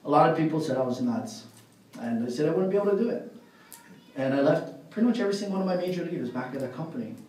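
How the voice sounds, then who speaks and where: A man's voice: a little high, fast talker. A man giving a live motivational speech at a party, telling stories with lots of fillers and frequent laughs. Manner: animated storyteller, laughs often, many fillers. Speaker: motivational speaker at a sales party. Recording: very echoey hall, far from mic.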